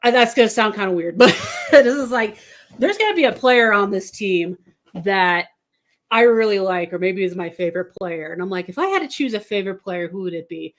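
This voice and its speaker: A woman's voice: mid-range voice, lively intonation, fairly quick. A woman from the Kansas City area chatting casually as a podcast guest, rambling and laughing often. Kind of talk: casual chat about football.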